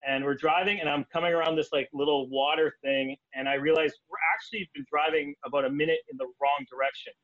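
A Canadian man spinning stories in an easygoing conversation. His voice sits a bit high for a man and comes through dull and boxy. He is animated and laughs along, and his voice jumps up whenever he quotes someone. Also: fast talker, hardly any pauses, no room sound. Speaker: guest. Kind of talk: casual storytelling.

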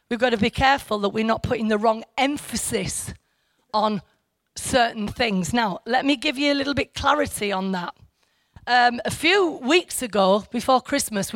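A woman's voice: sits high, a bit bright, dry recording. A woman giving informal Bible teaching to a church group, rambling and correcting herself with asides to her listeners.

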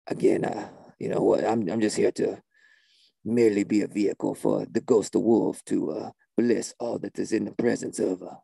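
A man voicing a spaced-out, deadpan male shaman who plays the guitar, with a put-on drawl. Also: on the low side, normal speed, creaky, husky, dry recording, heavily acted, rough recording. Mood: solemn. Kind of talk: comedy sketch character.

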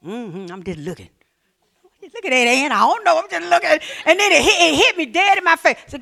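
A Southern woman pastor with an Alabama accent, preaching to her church in a bright, forceful voice. She tells folksy, funny stories and swings between loud bursts and near-whispers. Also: high voice, sing-song, a little fast, creaky. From Mobile, Alabama. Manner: folksy, humorous storytelling with sudden shifts between loud and hushed. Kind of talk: sermon.

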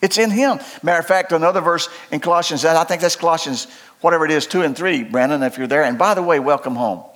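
Older man, pastor, folksy sermon, high-pitched voice, humorous asides. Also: quick pace. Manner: folksy and humorous, swings between loud preaching and low asides.

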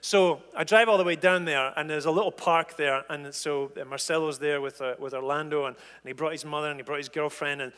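A pastor with a notably high-pitched voice delivers a sermon, acting out the dialogue of his story with humor. His voice carries the long reverb of a large hall. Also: steady tone, brisk, few pauses, a bit bright, clean tone.

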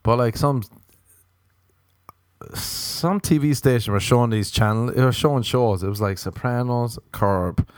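Speaking at a measured pace in a mid-range, darkish voice, a young man from Ireland hosts a podcast with a rambling, sweary comic monologue. He often puts on playful voices when quoting people, and the studio-quality recording has no echo.

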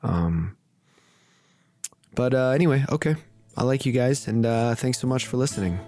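A man's voice: medium pitch, lively intonation, normal speed, dark tone, soft background music. A man hosting a podcast, wrapping up in a loose, rambling, casual way. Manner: rambling, loose, many fillers and restarts. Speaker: podcast host. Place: studio.

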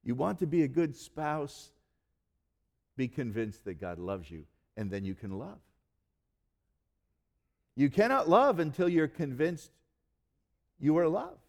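A male pastor preaching a sermon in earnest, slowing down and dropping almost to a hush to stress key words. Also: a little high, big pitch swings, gravelly. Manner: earnest preaching, slows and drops to near-quiet for emphasis.

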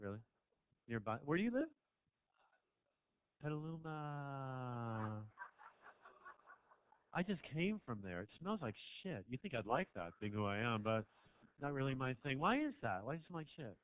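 A man doing a stand-up set in a small club, teasing the crowd, swinging between low mutters and loud shouts. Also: very animated, normal speed, long pauses, clean tone. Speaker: stand-up comedian. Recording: dry, tinny phone-like sound.

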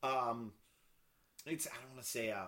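A man co-hosting a casual podcast chat about films, talking in halting bursts full of fillers and restarts. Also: medium pitch, bright, forceful tone. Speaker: podcast co-host. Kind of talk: casual film discussion.

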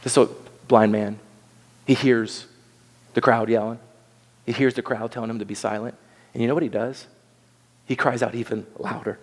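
A man preaching a sermon, animated, acting out the voices of the people in the story. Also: mid-range voice, moderate pace, pauses often, in a large hall. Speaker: pastor.

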